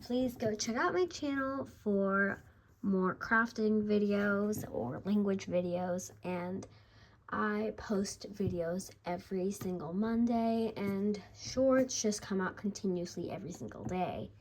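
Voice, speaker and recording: A woman at a middle pitch gives a relaxed beginner lesson on her own channel. She talks in an unhurried, chatty way, restarting sentences and drawing out each word so learners can follow. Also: a little hiss or hum. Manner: chatty, repeats and restarts, slow deliberate pronunciation. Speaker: language teacher, channel host. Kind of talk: casual beginner language lesson.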